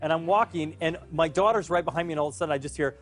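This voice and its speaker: A man's voice: on the high side, racing, faint music behind. Laughing man telling a story. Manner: laughing storyteller, acts out dialogue. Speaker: interview guest. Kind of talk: casual interview anecdote.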